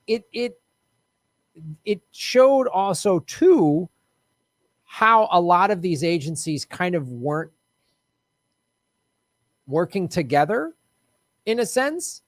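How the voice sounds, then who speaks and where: Playful guy cohost, bit high voice, dry close sound. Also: expressive, very slow, long pauses, dry recording. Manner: playful, laughing, slips into joke accents. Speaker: co-host. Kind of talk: casual political comedy chat.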